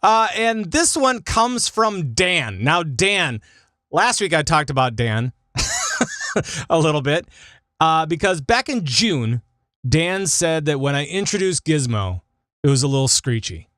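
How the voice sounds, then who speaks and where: Man, podcast host, casual chat, jokey, very animated pitch, bright tone. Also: slow pace, no room sound, studio quality. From Minnesota. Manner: lively, jokey, breaks into big laughs.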